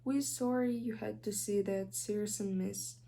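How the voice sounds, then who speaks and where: A woman with a Ukrainian accent voicing an ashamed, bowing male kitchen house-elf, squeaky and apologetic. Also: steady tone, normal speed, vocal fry, warm tone, a little hiss or hum, lightly acted.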